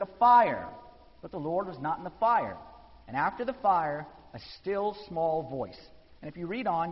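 A man preaching a sermon, telling the story with animated voices for the people in it. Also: high-pitched. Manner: animated storytelling, acting out quotes. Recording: dull sound in a reverberant hall.

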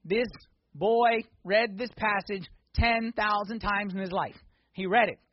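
A man preaching a sermon in a church, swinging from hushed intensity to loud, excited exhortation. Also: sits high, measured pace, dry recording, lo-fi sound. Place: church sanctuary.

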